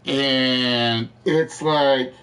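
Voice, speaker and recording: A man hosting a live game show stream, ranting to his chat in an animated, exasperated way, his voice cracking. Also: medium pitch, very slow, clear, resonant tone. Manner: animated, exasperated storytelling with repetitions. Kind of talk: casual rant to live chat.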